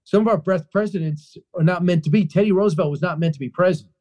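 Emphatic man with a dark, mellow voice. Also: sits high. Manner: rapid, emphatic, full of restarts and repeated phrases. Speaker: author being interviewed. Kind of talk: animated storytelling interview answers.

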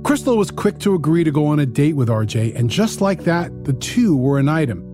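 Male true crime host, slightly high and animated, warm tone, faint music. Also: fairly quick. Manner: storytelling, posing questions to co-host. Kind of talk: conversational true crime narration.

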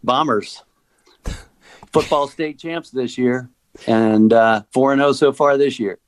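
A man appearing as a podcast guest, an elected official who tells animated stories and laughs between his thoughts. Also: medium pitch, slow, dry recording, poor audio. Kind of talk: casual conversational storytelling.

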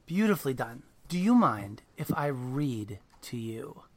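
Host, gravelly voice, thoughtful, stop-start phrasing, book chat. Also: mid-range voice, sing-song. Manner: warm praise, halting restarts. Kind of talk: conversational book interview.

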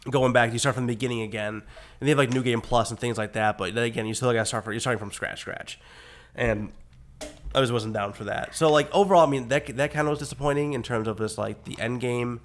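A man chatting casually as a podcast co-host, his voice rough from being sick, rambling with lots of fillers and easy swearing. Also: mid-range voice, fast talker. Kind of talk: casual chat.

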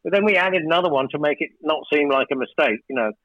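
A man's voice: a little high, fast talker, no room sound, lo-fi sound. A man working as a record producer, telling studio stories in a rambling, casual way and often restarting his sentences. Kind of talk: casual storytelling interview.

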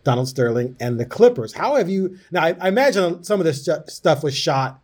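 A man's voice: fairly high pitch, animated, fairly quick, a little mellow. A man hosting a podcast interview, teasing the guest with dry humor. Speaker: podcast host.

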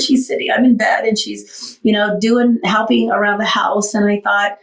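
A woman's voice: mid-range voice, fairly even intonation, moderate pace, creaky, far from the mic. A woman hosting a talk show, telling her recovery story candidly and animatedly, tired after surgery. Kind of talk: casual talk show chat. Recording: roomy, off-mic sound.

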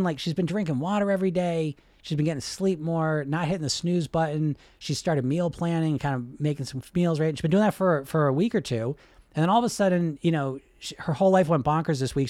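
Animated, swearing male coach. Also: on the high side, dry recording. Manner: animated, swears freely, many fillers like "right?". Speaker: hypnosis and weight-loss coach. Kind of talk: casual motivational talk.

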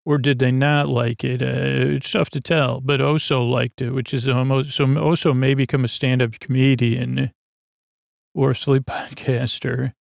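A man hosting a sleep podcast, recapping an episode in a rambling, halting way full of fillers and restarts. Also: mid-range voice, flat delivery, gravelly, dry recording, clean studio sound.

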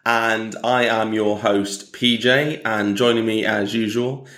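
A man's voice: mid-range voice, slow pace, a bit bright, roomy sound. A man co-hosting a casual podcast, joking and teasing and laughing often. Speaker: podcast co-host.

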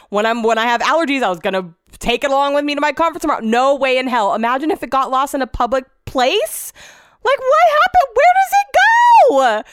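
A woman's voice: sits high, fairly bright tone, clear, resonant tone, no room sound, clean studio sound. A woman hosting a podcast alone, telling a story candidly and animatedly, swearing freely and laughing at herself, recorded in her home office. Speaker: podcast host.

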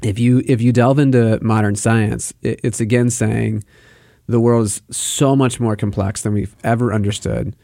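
A man's voice: medium pitch, steady tone, moderate pace, gravelly, warm tone, no room sound, clean studio sound. A man co-hosting a casual faith podcast, explaining ideas with vivid word pictures. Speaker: podcast co-host giving advice.

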